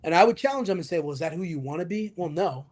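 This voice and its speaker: A man's voice: on the high side, expressive, fast talker, darkish tone. A man, a fitness coach, talking in an interview with motivational energy and acting out the voices of the people he quotes. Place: video call interview.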